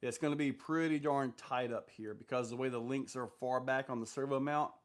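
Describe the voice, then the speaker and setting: This livestream host has a mid-range voice and a steady tone, and he talks a little fast. He reads his viewers' comments out loud and replies casually, wandering off topic and leaning on fillers.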